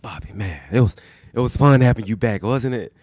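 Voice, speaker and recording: An earnest older football head coach reassures his players in a measured, fatherly way, as a man impersonates him, his voice sitting low and dry. The delivery is sincere rather than showy. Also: darkish tone, dry recording, natural voice. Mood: warm. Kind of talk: impression in a podcast bit.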